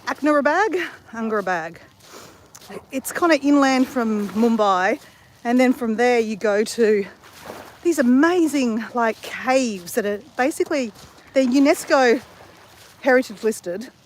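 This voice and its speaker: A woman's voice: a little high, a little hiss or hum. An Australian woman chatting casually to viewers while walking on a beach, rambling and answering viewer comments. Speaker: vlogger. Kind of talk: casual walking live stream chat. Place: beach, outdoors.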